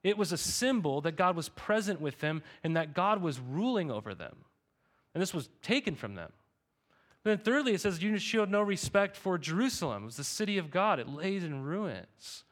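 A man's voice: high-pitched, very animated, moderate pace, a bit bright. A man in his thirties preaching a sermon as pastor, talking in a conversational way and often checking in with the congregation. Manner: conversational, repeats "right?" to the congregation.

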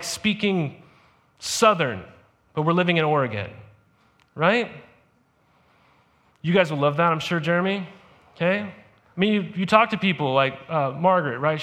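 At a church service, a male pastor with a high-sitting, fairly bright voice preaches a sermon conversationally, often checking in with "right?" asides.

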